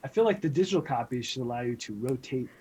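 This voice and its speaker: A woman co-hosting in casual chat, supportive and quick to agree. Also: extremely low pitch, animated, warm tone, husky. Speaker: co-host on a simulcast.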